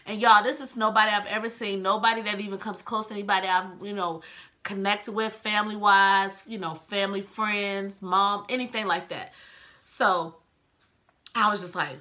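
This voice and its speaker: A woman's voice: medium pitch, fairly even intonation, normal speed, pushed and bright. A woman in her twenties telling an emotional personal story to her viewers in a chatty, casual vlog. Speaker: vlogger.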